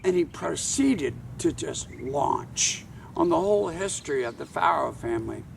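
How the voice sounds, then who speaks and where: Slow, gravelly storyteller, older man. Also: fairly high pitch, lively intonation, far from the mic, slight background noise. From Charleston, South Carolina. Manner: wry, measured. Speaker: tour guide and author. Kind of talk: anecdotal storytelling to camera.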